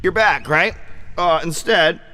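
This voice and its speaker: A man vlogging casually about his bass gear, loose and profane, joking and acting out his own reactions. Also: slow pace. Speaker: vlogger and musician. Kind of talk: casual rambling vlog. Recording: music playing behind the voice.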